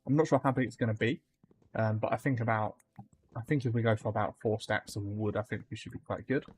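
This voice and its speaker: A man's voice: lowish voice, fairly even intonation, fast talker, a little mellow, a little hiss or hum. A man streaming a game live, chatting casually with his viewers and greeting them by name, with plenty of ums. He says his accent can be hard to follow.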